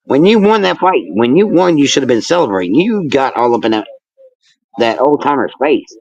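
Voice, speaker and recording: A man's voice: mid-range voice, normal speed, muffled recording. A man who is a wrestling manager and referee, talking as a guest in a casual interview, ranting and teasing with constant swearing. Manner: animated, swearing, teasing ranter. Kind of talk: casual profane interview chat.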